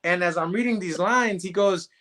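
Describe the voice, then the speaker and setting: A man telling a story as a show guest in animated, slangy casual talk. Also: high-pitched, moderate pace, a little hiss or hum. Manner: animated, slangy, says "bro".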